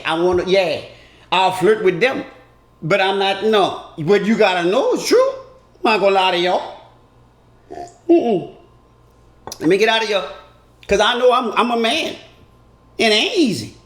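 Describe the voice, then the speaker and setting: A man doing an animated comedic monologue that turns earnest and preachy. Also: sits high, brisk, echoey room. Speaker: comedian vlogger.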